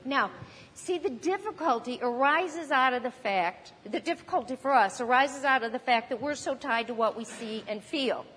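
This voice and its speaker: A woman's voice: sits high, expressive, moderate pace, a bit bright, a little hiss or hum. A woman preaching a sermon in a conversational teaching manner, now and then acting out panicked voices. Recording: long hall reverb.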